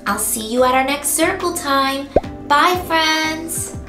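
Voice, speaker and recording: High sing-song woman teaching toddlers. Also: slow. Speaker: preschool teacher. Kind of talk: children's circle time lesson with songs. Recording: echoey room with music behind.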